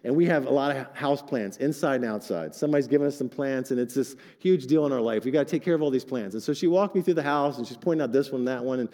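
An older man preaching a sermon to his congregation, animated and joking with asides. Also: mid-range voice, quick pace, hardly any pauses, in a large hall. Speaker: pastor.

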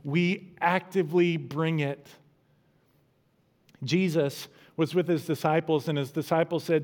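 A middle-aged pastor delivers a sermon in a fairly high voice. His tone stays conversational and casual. Now and then he pushes into emphatic peaks. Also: moderate pace, darkish tone. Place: church.

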